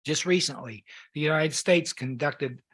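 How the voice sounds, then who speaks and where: Husky-voiced man preaching a sermon. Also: on the high side, fairly bright tone. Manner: earnest, measured scripture reading. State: losing his voice.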